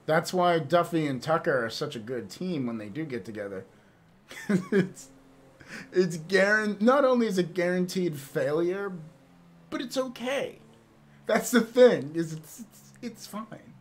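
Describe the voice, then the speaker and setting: A man's voice: sits high, very animated, unhurried. A man streaming and chatting casually with viewers, rambling and laughing often, with some swearing.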